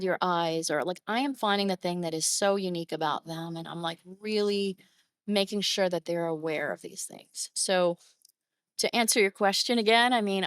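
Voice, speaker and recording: A woman photographer with a lowish voice, recorded dry, appears as a guest on an interview podcast. Warm and emotive, she tells stories conversationally and gets animated when quoting her clients.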